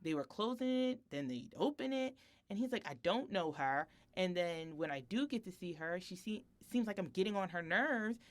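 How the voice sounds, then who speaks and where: A woman's voice: lowish voice, moderate pace. A woman co-hosting a podcast, chatting casually and telling a family story, acting out the lines and laughing often. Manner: animated storytelling, acting out her son's and her own lines; laughs often between sentences. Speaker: podcast co-host. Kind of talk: casual chat.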